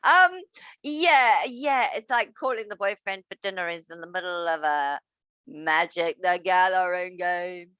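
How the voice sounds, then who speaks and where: A middle-aged woman co-hosting a casual chat, telling lively stories and acting out what people said. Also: lowish voice, unhurried, clean tone, no echo. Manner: lively storyteller, acts out quotes. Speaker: podcast co-host.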